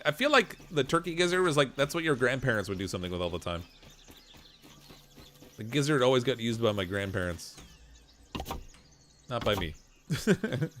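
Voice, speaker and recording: A man's voice: mid-range voice, a bit bright. A man with a Canadian accent, chatting casually while gaming, reading chat comments aloud and laughing often. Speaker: gameplay streamer reading chat.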